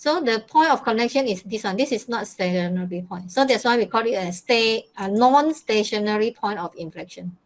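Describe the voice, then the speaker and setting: A woman teacher with a Malaysian English accent and a slightly high voice. She explains patiently step by step, mixing Malay words into her English. She laughs often as she coaxes students to answer. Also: normal speed, few pauses, rough recording. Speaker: mathematics teacher. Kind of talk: classroom lesson.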